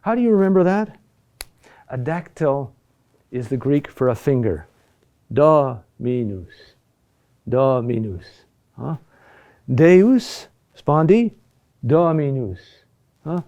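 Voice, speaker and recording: A man teaching a class on chant, slow and halting, often repeating key words and checking in with "huh?". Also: a little high, animated, mellow. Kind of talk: classroom lecture.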